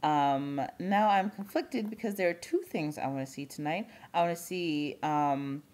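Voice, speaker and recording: Chatty young woman, slightly low voice. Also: unhurried, a little mellow. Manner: chatty, laughs often, lots of "like" fillers. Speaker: vlogger. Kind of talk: casual chat.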